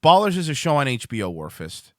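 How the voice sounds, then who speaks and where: A man's voice: medium pitch, big pitch swings, fast talker, no room sound, clean studio sound. A man hosting a livestream show, rambling and swearing casually as he chats to viewers. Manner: rambling, profane, restarts a lot.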